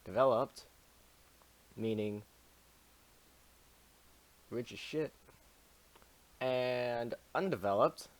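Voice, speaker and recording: A man's voice: medium pitch, very slow, long pauses. A man casually summarizing a history chapter on a stream, joking and swearing constantly with mumbled asides.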